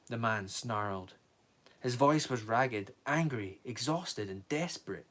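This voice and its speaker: A man's voice: mid-range voice, slow pace. Man reading a novel aloud. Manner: steady reading with small slips and corrections. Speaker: reader on a live stream.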